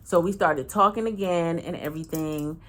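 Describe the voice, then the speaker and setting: A woman's voice: normal speed, slight background noise. A woman tells a personal story casually. She talks frankly and slangily, swears freely, and acts out each person's lines. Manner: animated, acts out every voice with big pitch swings. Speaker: channel host.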